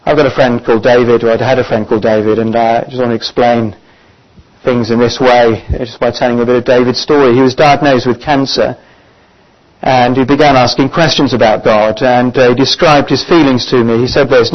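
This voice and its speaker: A man preaching a sermon, earnest and often pausing on "uh" as he gathers his thoughts. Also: medium pitch, steady tone. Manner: earnest, pausing with frequent "uh" fillers. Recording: dull lo-fi recording.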